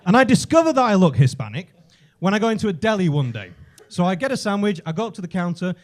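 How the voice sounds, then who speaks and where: English stand-up comic, very high voice, animated and sweary storytelling on a club stage. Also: male voice, fast talker. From England. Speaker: stand-up comedian. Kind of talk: stand-up comedy routine.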